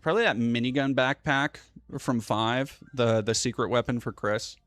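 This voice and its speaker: A man's voice: mid-range voice, normal speed, fairly bright tone, no room sound, soft background music. A young man hosting a livestream, ranting casually and profanely in a rambling way. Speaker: livestream host.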